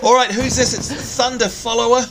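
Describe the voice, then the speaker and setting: A man's voice: very high-pitched, steady tone, brisk, fairly bright tone, a little hiss or hum. An Australian man co-hosting a game video, chatting enthusiastically and exclaiming as guests show up. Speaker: co-host of a game channel. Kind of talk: casual gameplay chat.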